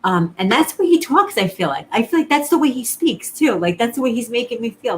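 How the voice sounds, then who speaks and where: Earnest woman medium, soft hiss behind. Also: fairly high pitch, sing-song, brisk, few pauses, poor audio. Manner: earnest, reassuring, repeats phrases. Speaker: psychic medium. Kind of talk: live-streamed reading, casual talk to viewers.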